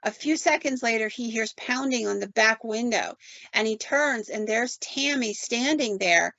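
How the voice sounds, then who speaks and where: A woman podcast host telling a story in an animated, conversational way, often quoting people with "like". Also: fairly high pitch, unhurried, creaky, no echo. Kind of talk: casual storytelling. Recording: dull, dry sound.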